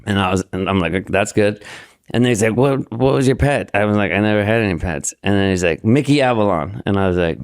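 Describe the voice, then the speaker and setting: A man's voice: lowish voice, fast, clear, resonant tone, no room sound, clean studio sound. Rambling, profane man telling stories. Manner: rambling, profane, acts out dialogue. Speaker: podcast guest. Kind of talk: casual storytelling chat.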